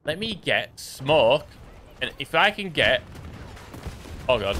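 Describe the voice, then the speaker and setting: A man giving casual running commentary while playing a shooter game, muttering to himself and reacting quickly. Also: fairly high pitch, big pitch swings, sharp tone, a little hiss or hum. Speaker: gaming streamer. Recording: faint gunfire under voice.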